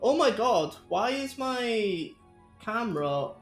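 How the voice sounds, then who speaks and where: A man's voice: very high voice, big pitch swings, slow, soft background music. A young man chatting casually with his stream viewers, rambling and laughing often. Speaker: live streamer.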